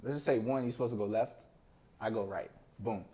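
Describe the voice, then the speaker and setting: A man, a podcast guest, telling a personal story in a casual, slangy, animated way and acting out the voices of people he quotes. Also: lowish voice, fairly quick.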